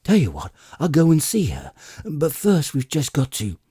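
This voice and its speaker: A man performs a character voice for an audiobook: a nervous, flustered, evasive male alien adventurer, stammering through many "uh"s and pleading hurriedly. The voice is high, exaggerated and pushed up, with huge pitch swings, warmth and a breathy edge. There's no room sound and the studio audio is clean.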